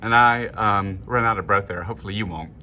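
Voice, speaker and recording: A man leading a choir rehearsal talk-through, explaining markings and singing short phrases in falsetto to show them. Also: brisk, bright, forceful tone, a little hiss or hum. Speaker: choir director. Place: room, filming himself. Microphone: handheld camera.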